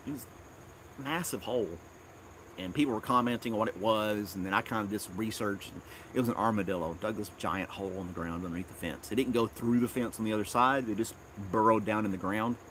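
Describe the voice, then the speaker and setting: A man with a fairly low voice rambles through a casual live stream from his backyard. He chuckles often as he talks. Faint crickets hum in the background. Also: fast, a bit bright. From Tennessee. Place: outdoors in a backyard.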